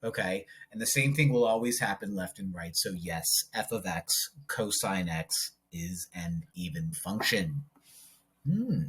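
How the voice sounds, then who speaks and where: A male math teacher with a slightly husky voice works through problems in an unhurried way. He talks through each step as he draws graphs and drops in little jokes along the way. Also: deep voice, lively intonation, fairly bright tone. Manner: jokey, talks to himself while working problems. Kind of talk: video lesson while drawing graphs.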